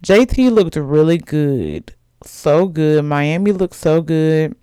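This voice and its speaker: A woman's voice: low-pitched, very animated, takes it slowly, warm tone, clean tone, no room sound, clean studio sound. A young woman hosting a podcast in casual chat, gossipy and chatty, laughing often. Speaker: podcast host.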